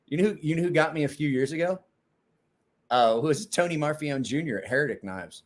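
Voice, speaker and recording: A man's voice: on the high side, expressive, a little fast. A man hosting a knife live stream, casually telling stories with lots of swearing and laughter, then answering viewer chat off the cuff.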